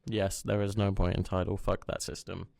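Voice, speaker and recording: A man's voice: deep voice, level tone, normal speed, creaky, a little mellow. Sweary ranting West Country man. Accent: West Country English. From West Country, England. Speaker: podcast co-host. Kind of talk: casual chat.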